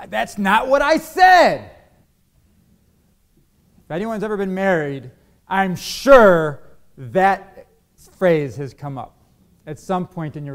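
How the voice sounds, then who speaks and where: Male pastor, sermon delivery, questions to his congregation, slightly higher voice. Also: smooth. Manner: asks the congregation questions, acts out quoted arguments.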